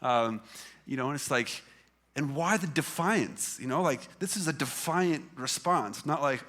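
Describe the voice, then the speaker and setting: A man's voice: medium pitch, expressive, unhurried, a bit bright. A man preaching a sermon as pastor in a church, talking in a conversational way with many fillers and restarts. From Canada. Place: church hall with congregation.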